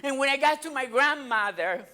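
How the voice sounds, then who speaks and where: A woman telling a personal story as a storyteller, playful and animated, laughing often. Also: high voice, normal speed. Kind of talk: live storytelling performance.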